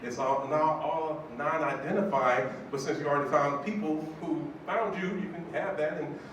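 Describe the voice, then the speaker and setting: A man in his fifties, a judge, tells a personal story to an audience in an animated, emotional way, acting out the voices. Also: fairly high pitch, moderate pace. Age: 50s. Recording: echoey hall from far off, background noise.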